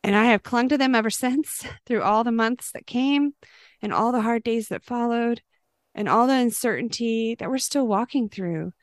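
A middle-aged woman giving a personal faith testimony, earnest and gentle, dropping into a soft hush when she speaks her prayers. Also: a little high, normal speed, no room sound, clean studio sound.

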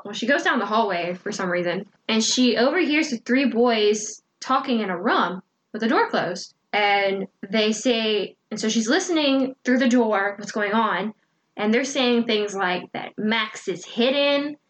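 A woman's voice: mid-range voice, fairly bright tone. A woman co-hosting a casual podcast, retelling a book's plot in a chatty way with lots of fillers and quoted lines. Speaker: podcast co-host recapping a book. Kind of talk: casual chat.

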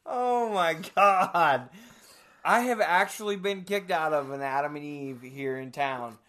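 A man in casual comedic chat, crude and profane, laughing often and breaking into loud bits. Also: fairly high pitch, measured pace.

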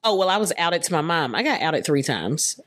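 A woman's voice: low-pitched, brisk. A young woman from Texas, a podcast guest telling candid personal stories in casual chat, often laughing as she talks. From Texas, US South. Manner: candid, animated, laughs through her stories.

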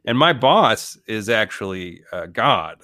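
Podcast co-host, male, lowish voice, loose rambling comic delivery, dry studio sound. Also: very animated, takes it slowly, bright, forceful tone, no echo. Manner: rambling, jokey, many restarts. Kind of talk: casual comedic movie chat.

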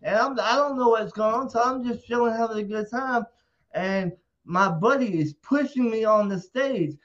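Man, high-pitched, interview guest, casual profane storytelling, dull lo-fi sound. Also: moderate pace. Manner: profane, animated, acts out quotes. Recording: dull lo-fi audio.

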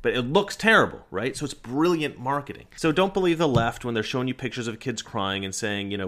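A man's voice: medium pitch, big pitch swings, moderate pace, fairly bright tone. A man giving an opinionated, argumentative political monologue with emphatic delivery. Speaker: political commentator.

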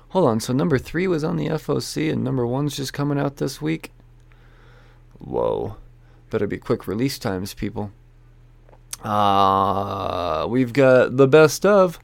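Running through the week's new comics, a comic book shop owner chats solo, rambling, joking, and swearing along the way. His mid-range voice carries vocal fry, and the recording is dry.

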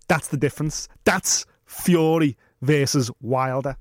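Sweary, animated boxing podcaster. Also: male voice, fairly high pitch, brisk, dry recording, clean studio sound. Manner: animated, sweary, acts out scenes in voices. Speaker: podcast co-host. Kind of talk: casual boxing chat.

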